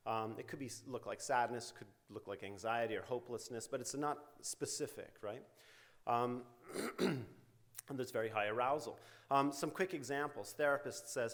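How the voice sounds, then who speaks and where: Middle-aged man giving a conversational lecture. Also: medium pitch. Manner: conversational, frequent fillers and "right?" tag questions. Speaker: invited lecturer, psychology researcher. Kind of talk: academic lecture with quoted therapy examples. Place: university lecture hall.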